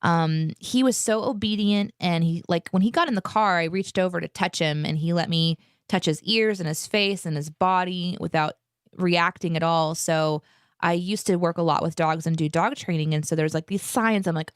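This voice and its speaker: A woman in her thirties co-hosts a live morning show, telling a story in upbeat, animated, chatty fashion. Her lowish voice is smooth and moves at normal speed. The recording is dry and studio quality.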